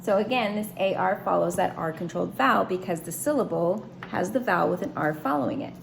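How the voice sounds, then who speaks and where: Patient woman teaching phonics, slightly gravelly. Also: on the low side, a little fast, slight background noise. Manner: patient, explaining step by step. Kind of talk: phonics lesson at a whiteboard.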